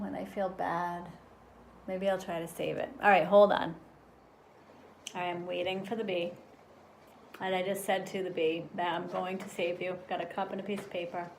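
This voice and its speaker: A woman's voice: lowish voice, gravelly. A woman vlogging casually at home, talking to herself and coaxing an insect, jittery and swearing as she frets. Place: home indoors near a window. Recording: echoey room, distant mic, background noise.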